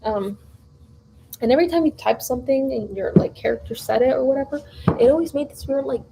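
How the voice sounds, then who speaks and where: A woman's voice: sits high, fairly quick, creaky, background noise. A young woman vlogger in a home kitchen, telling a long casual story while baking, rambling with lots of fillers and restarts.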